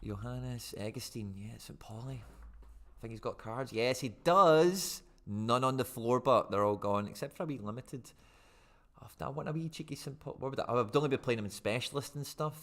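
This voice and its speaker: A man chatting casually and excitably on a live stream, rambling with fillers as he answers viewers. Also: mid-range voice, fairly quick.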